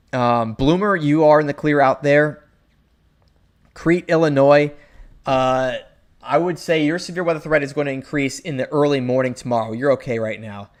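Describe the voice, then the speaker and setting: A young American man hosting a live weather stream, talking in a loose, chatty way with many fillers as he calls out towns. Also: medium pitch. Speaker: meteorologist livestream host.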